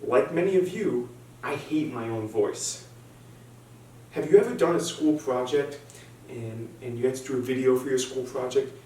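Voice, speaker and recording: A man's voice: mid-range voice, normal speed, dark tone. A young man doing a stand-up set, self-deprecating and hesitant, with frequent restarts. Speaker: stand-up comic. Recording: very echoey room, distant mic, faint hum.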